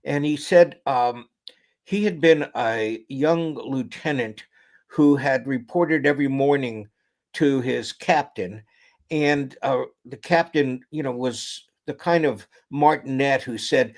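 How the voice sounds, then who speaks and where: A man, a guest author and lecturer, telling an anecdote in an interview with lively delivery, sometimes dropping almost to a whisper. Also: medium pitch, slow pace. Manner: animated storyteller, drops to near-whisper for quotes.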